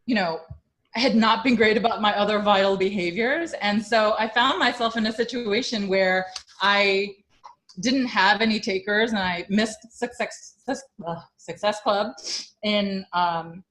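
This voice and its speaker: A woman's voice: medium pitch, unhurried, fairly bright tone. Chatty young woman, tearful story. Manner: chatty, many fillers, grows emotional and tearful. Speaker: fitness coach. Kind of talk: personal story in an interview.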